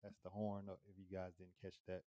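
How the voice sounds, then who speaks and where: Low, mellow-voiced man telling a story. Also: fast, no room sound. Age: adult with children. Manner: animated, swears, acts out his own lines. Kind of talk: casual storytelling.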